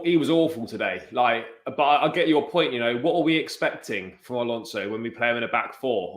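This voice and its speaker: A man on a video-call fan panel who argues his case calmly with rhetorical questions. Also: medium pitch. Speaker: panel guest. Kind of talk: casual fan chat. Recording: roomy echo.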